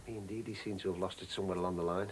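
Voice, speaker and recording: A man's voice: sits low, steady tone, racing, a little hiss or hum, natural voice, rough recording. An actor playing a lonely middle-aged husband, rambling and hesitant as he confides. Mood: troubled. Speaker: troubled husband. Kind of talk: soap opera acting.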